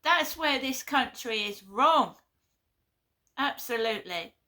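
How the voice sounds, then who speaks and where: Woman vlogger, fairly high and bright, earnest and insistent. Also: animated, slow. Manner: blunt, earnest, repeats herself. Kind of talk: impassioned monologue.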